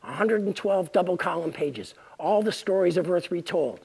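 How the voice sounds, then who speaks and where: A woman reading her own playful, pun-laden story aloud, in a gravelly, husky voice. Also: fairly low pitch, lively intonation, normal speed, darkish tone.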